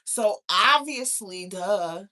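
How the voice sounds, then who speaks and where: A woman's voice: medium pitch, lively intonation, takes it slowly, sharp tone. A woman hosting a live stream in casual chat, talking bluntly and profanely to her viewers. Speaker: livestream host.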